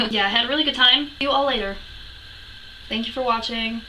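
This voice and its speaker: A woman's voice: fairly high pitch, normal speed, bright, forceful tone, recorded from a distance, a little hiss or hum, poor audio. A young woman recapping a convention in a casual vlog, gushing and breathless, with lots of restarts and casual swearing. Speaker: vlogger.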